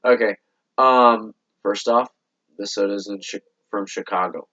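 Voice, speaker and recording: Young man, hoarse with a cold, lowish voice, casual, muffled lo-fi audio. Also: unhurried, sharp tone. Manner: agreeable, chimes in often. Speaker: soda review co-host. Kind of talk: casual chat. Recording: dull lo-fi sound.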